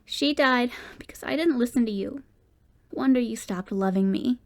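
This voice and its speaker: A woman's voice: on the high side, normal speed, close to an everyday voice. A woman narrating a guarded, grieving teenage boy who speaks in clipped lines that break into choked whispers. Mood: anguished.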